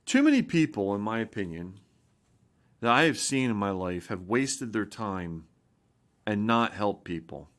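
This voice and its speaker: A man's voice: on the low side, very animated, a little slow, a bit bright. A man in his fifties, a pastor giving an informal spoken sermon, earnest and rambling, with frequent restarts and rising emphasis. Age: 50s.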